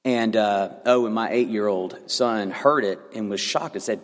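A man's voice: fairly low pitch, normal speed. A man in his thirties preaching a sermon as pastor, earnest and building to fervent emphasis. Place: church sanctuary. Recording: long reverb of a church hall.

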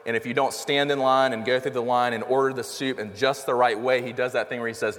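A man's voice: medium pitch, fairly even intonation, fast talker, few pauses, a bit bright. A man preaching a sermon in a conversational, earnest way, full of rhetorical questions. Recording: long reverb of a hall.

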